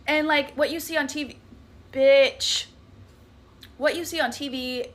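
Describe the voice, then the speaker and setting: A woman's voice: sits high, fairly even intonation, fairly quick, a bit bright. A young woman with a Southern US accent, dramatically telling a scary story in a chatty, profane, casual way. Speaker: TikTok creator.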